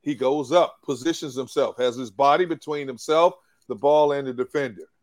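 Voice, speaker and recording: A man's voice: medium pitch, moderate pace, dry recording. A man breaking down a football loss on a post-game show, emphatic and opinionated. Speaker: sports analyst.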